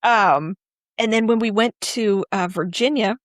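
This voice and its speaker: A woman's voice: medium pitch, unhurried, dry recording. Chatty woman, dry close sound. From Northwestern Pennsylvania. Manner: rambling, chatty, full of restarts. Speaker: podcast co-host. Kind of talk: casual chat.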